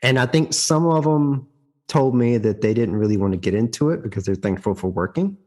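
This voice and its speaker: A man's voice: mid-range voice, lively intonation, brisk, darkish tone. A man, a guest actor, telling his story in conversation, restarting his sentences often and turning emphatic and heated. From United States. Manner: frequent restarts and repeated words; emphatic, heated when recounting conflict.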